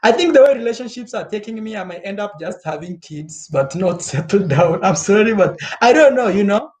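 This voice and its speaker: A young man from Kenya chatting casually and live with his viewers, animated and repetitive, laughing often. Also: high voice, fairly quick. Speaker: travel vlogger.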